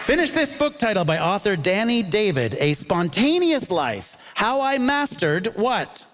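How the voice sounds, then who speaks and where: A man hosting a live comedy debate show on a theatre stage, quick and quippy, laughing between his lines. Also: high-pitched, big pitch swings, big-room sound, a crowd in the background, noisy background. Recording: live audience laughter and ambience.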